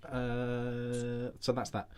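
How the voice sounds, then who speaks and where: A man's voice: medium pitch, monotone, drawn-out words, noisy background. A British man hosting a live show, chatty and dry, steering the conversation between topics. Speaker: host of a live vape show. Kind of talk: casual banter.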